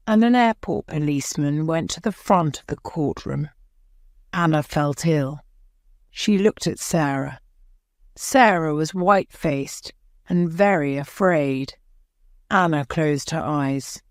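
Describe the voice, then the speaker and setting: A woman narrating a graded-reader audiobook slowly and clearly. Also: low voice, a little mellow, no echo, studio quality. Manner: slow, clear, simple phrasing.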